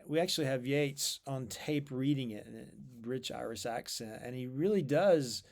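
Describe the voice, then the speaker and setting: A man explaining poetry in a measured, thoughtful way, with fillers and repeated words. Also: medium pitch, gravelly, darkish tone. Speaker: literature lecturer.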